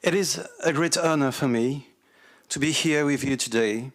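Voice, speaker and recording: Casting: man, French accent, non-native English, measured formal address at a civic ceremony. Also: medium pitch. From France. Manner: slow and deliberate, reading carefully. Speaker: visiting civic representative.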